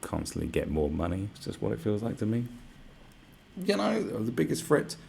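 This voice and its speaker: Man, deep, gravelly, sarcastic swearing rant, live stream host. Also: huge pitch swings, moderate pace, a little mellow, slight background noise. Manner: profane, sarcastic, mocks others in put-on voices. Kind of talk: casual ranting monologue.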